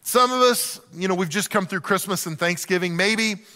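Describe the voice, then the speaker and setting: Man, middle-aged pastor, sermon, high pitch, bright tone, humorous storytelling, long hall reverb. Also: normal speed. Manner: humorous, animated storytelling with acted-out asides.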